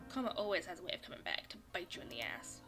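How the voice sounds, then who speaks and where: A woman's voice: lowish voice, big pitch swings, very fast, bright, forceful tone, soft background music, voice pushed down. A woman voicing a cold, furious young woman who harshly accuses and threatens someone to protect a friend in a visual novel. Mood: threatening.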